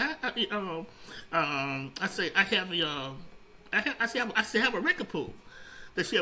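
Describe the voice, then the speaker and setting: A middle-aged man with a high, very bright and forceful voice tells stories in a casual interview. He rambles, stumbles over restarts and repeats phrases, and gets animated as he goes. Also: fast, rough recording. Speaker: interview guest, radio founder.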